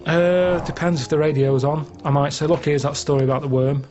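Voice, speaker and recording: A man in casual chat, telling everyday stories in a flat, matter-of-fact way. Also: on the high side, brisk. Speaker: podcast regular. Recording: muffled audio with music behind.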